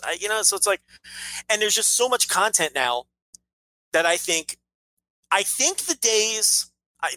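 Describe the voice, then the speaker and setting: Ranting podcast co-host, bright dry voice. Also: male voice, high-pitched, no echo, rough recording. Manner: opinionated, ranting, swears freely. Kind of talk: casual podcast chat.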